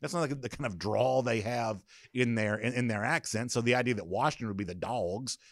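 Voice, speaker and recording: A man hosting a college sports show talks straight into a close mic in a dry, dead room. His delivery is casual and opinionated, with plenty of "uh" and "you know" as he works through his points. The pitch sits at an ordinary middle for a man. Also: a little fast, dry recording. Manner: opinionated, conversational, with frequent fillers. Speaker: sports podcast host.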